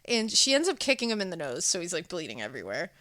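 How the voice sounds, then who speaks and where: A woman podcast co-host recapping a horror film in casual chat, telling it in an animated, chatty way. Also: on the low side, fast talker, dry recording, studio quality. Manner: animated, chatty retelling with laughs and acted-out quotes.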